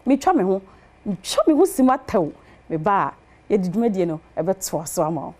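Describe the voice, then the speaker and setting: A talk show host, a woman with a high-leaning voice, speaks quickly with lively intonation. She hosts a TV chat show in a sing-song style, repeating words in rhythmic runs and delivering on-air promos.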